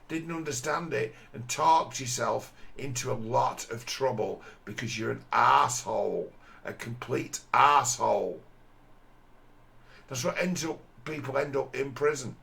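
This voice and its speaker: A man's voice: mid-range voice, measured pace, creaky, sharp tone. A man giving a crude, scornful commentary over a video, often mimicking the people he mocks.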